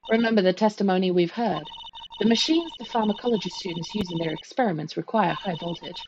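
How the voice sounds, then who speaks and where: A woman voicing a calm, confident female defense attorney who speaks in a steady, reassuring way. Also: medium pitch, quick pace, dull audio, noisy background, close to an everyday voice. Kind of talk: reading a game aloud. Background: game music.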